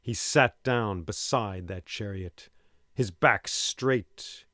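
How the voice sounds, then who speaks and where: A man telling an epic tale aloud in an expressive, dramatic way. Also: fairly low pitch, slow, no echo, studio quality. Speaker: storyteller. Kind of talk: oral storytelling.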